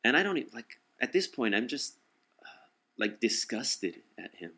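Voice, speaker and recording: A young man telling a personal story in casual talk, blunt and profane, often halting and restarting. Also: mid-range voice, sing-song, bright, forceful tone. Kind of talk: casual spoken anecdote.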